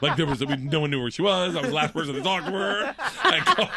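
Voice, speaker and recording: A man's voice: fairly high pitch, animated, quick pace, very noisy. A young man, a comedian, telling rambling stories in casual chat, laughing often and acting out what people said. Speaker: comedian guest.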